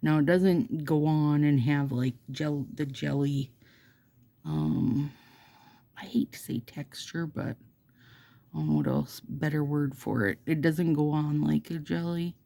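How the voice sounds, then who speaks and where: A middle-aged woman with a Minnesota accent talks to her viewers in a low, gravelly voice. She is unhurried and mellow, and she drifts between reading a passage aloud and chatting with rambling, self-deprecating asides. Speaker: nail product vlogger. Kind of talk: casual chat while doing her nails, reading astrology text aloud.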